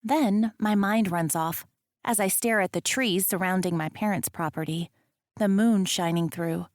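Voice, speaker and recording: A woman narrates a romance audiobook in the first person, wry and expressive, landing the comic lines with dry humor. Her voice sits at an ordinary middle pitch. The recording is close and completely dry, with no room sound. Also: measured pace, dry recording.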